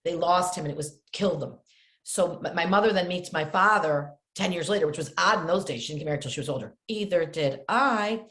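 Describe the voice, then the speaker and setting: A middle-aged woman telling animated stories as a podcast guest, acting out the voices of her family. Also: fairly low pitch, fairly quick, reverberant. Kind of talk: casual storytelling interview.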